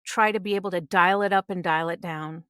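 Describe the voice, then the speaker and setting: A middle-aged woman speaks as a guest on a podcast with earnest conviction, pressing her points with emphasis. Her voice is smooth and resonant. The sound is close and dry. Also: lowish voice, steady tone, brisk, fairly bright tone, no echo. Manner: earnest, emphatic advice-giving. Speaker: voice actress guest. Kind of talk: conversational interview. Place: podcast studio.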